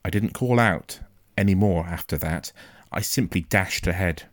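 Deep-voiced male audiobook narrator. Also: dry recording, studio quality. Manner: quiet, measured, suspenseful. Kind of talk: first-person storybook reading.

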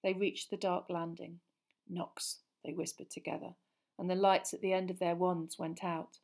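A woman narrating a story in an audiobook reading, dramatic and expressive, with tense parts dropping to a hushed voice. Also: on the low side, normal speed, vocal fry.

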